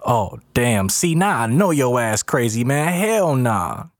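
A man's voice: medium pitch, big pitch swings, slow, no echo, clean studio sound, pitched above the performer's own voice. A man voicing a frightened young man who keeps complaining in slang. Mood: whining.

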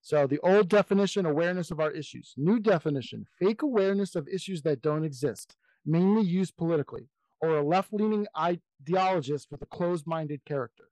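A man's voice: on the high side, a little fast, a little mellow, no echo, low-quality recording. A man co-hosting a casual podcast discussion, reading quoted definitions aloud with amused asides. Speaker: podcast co-host.

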